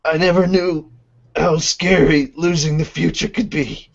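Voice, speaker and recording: A man voicing gruff dying Gajeel. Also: a little high, fairly even intonation, measured pace, a crowd in the background, voice pushed up. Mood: grim. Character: gruff young male iron dragon slayer, dying. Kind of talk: amateur manga read-along dub. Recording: dull lo-fi podcast audio.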